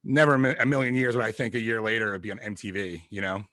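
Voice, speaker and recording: A man's voice: lowish voice, quick pace, fairly bright tone, no room sound, studio quality. A man hosting a podcast, asking questions and chatting casually with his guest. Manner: easygoing, laughs along. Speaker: podcast host. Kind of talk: casual interview.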